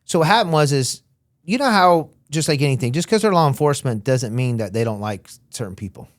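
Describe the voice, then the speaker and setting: A man's voice: medium pitch, brisk, no echo. A man from Florida talks through his past as an interview guest in a loose, casual way, and his voice jumps around as he acts out other people's lines. The sound is close and dry, with no room around it. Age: young adult. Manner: animated, acts out quotes of others. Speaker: interview guest, former smuggler.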